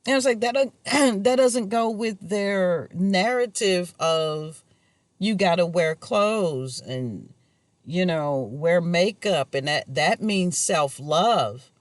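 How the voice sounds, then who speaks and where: A man's voice: sits high, animated, takes it slowly, no echo. A man talking to camera in a rambling personal monologue, casual and musing, chuckling to himself now and then. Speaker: vlogger.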